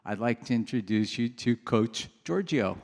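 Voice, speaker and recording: A man's voice: mid-range voice, animated, moderate pace, vocal fry, darkish tone, a little hiss or hum. Chatty man telling stories in a big hall. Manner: chatty, anecdotal, laughs at himself. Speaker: program host introducing a coach. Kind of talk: casual storytelling to a live audience. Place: large room with an audience. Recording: long reverb of a large hall.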